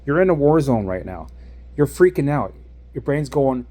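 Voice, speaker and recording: A man coaching viewers through exposure practice in a casual vlog, acting out an anxious walk and then explaining it in an animated way. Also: medium pitch, fairly quick. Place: out and about, then in a car.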